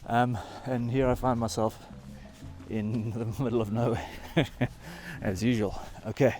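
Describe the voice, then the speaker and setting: A man's voice: mid-range voice, fairly even intonation, measured pace, mellow, soft background music. A man in his thirties with a South African accent, talking casually to camera while hiking outdoors and short of breath, rambling with lots of fillers. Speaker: travel vlogger. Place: outdoors on a high mountain trail.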